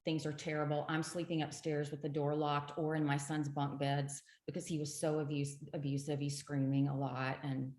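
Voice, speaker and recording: A middle-aged woman with a low voice tells her story as an interview guest, earnest and emphatic. The sound has a roomy echo around it. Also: level tone, moderate pace, hardly any pauses, darkish tone.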